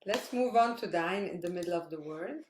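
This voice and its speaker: A woman teaching Arabic pronunciation in an online lesson, patiently repeating sounds slowly for practice. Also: on the low side, expressive, slight background noise. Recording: roomy echo.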